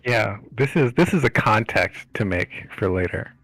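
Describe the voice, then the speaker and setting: A man's voice: fairly low pitch, animated, moderate pace, a bit bright, no room sound, poor audio. A man playing a tabletop game, chatting casually and rambling, repeating himself as he thinks aloud. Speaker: player.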